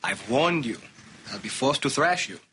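An actor playing a calm, very polite young man who warns a robber in formal, measured words, heard from a noisy movie clip. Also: medium pitch, natural voice.

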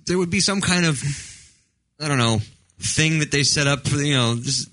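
Male co-host, bright and slightly high voice, dry sound, halting delivery with frequent restarts. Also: dry recording. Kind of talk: casual radio banter.

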